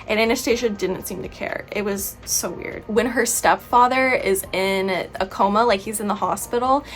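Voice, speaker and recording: A woman's voice: mid-range voice, moderate pace, soft background music. A woman chatting through a book review vlog, exasperated and rambling, with many "like"s. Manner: exasperated, chatty, heavy use of "like".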